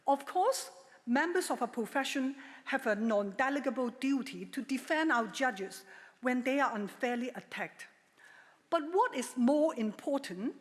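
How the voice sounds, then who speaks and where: A middle-aged woman giving a formal prepared speech at a legal ceremony, measured and emphatic with a touch of dry humor. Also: high-pitched. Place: large ceremonial hall. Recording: long hall reverb.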